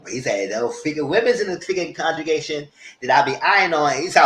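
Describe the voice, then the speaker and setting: A man hosting a casual live TV recap, animated, jumping into loud high-pitched quotes of the characters. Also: brisk. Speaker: TV review host. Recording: roomy echo.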